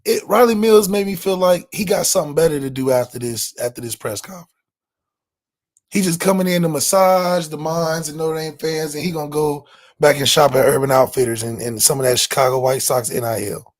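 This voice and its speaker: A man's voice: fairly high pitch, brisk. Guy cohosting sports podcast, laughing, trash talk, casual chat. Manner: animated, laughing, trash-talking. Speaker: podcast co-host. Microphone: webcam setup.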